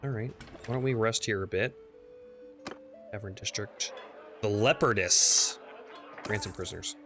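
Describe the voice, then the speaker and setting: Faint music plays behind a man with a fairly low voice who speaks at a measured pace. He's streaming a strategy game and offering casual commentary, mumbling, reading the game text aloud, and letting his words trail off quietly.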